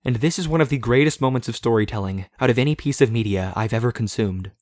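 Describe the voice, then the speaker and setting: A man's voice: mid-range voice, fast, a little mellow. A young man narrating a game essay in a blunt, self-deprecating, profane way. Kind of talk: scripted voice-over narration.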